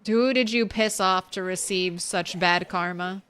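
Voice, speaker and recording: A woman's voice: on the low side, measured pace, a bit bright, smooth. A woman voicing an exasperated dungeon master who stammers in disbelief at a player's bad luck. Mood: incredulous. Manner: stammering, incredulous.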